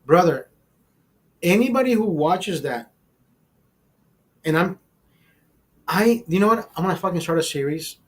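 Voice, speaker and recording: A man's voice: high voice, animated, unhurried, pauses often. A young man, the host, telling a long casual story in a rambling, heavily profane way. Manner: profane, rambling, mimics voices.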